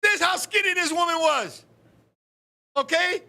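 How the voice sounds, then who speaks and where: A man hosting a casual live-streamed talk show, telling stories in an animated, profane way with frequent laughs. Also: very high voice, normal speed, vocal fry.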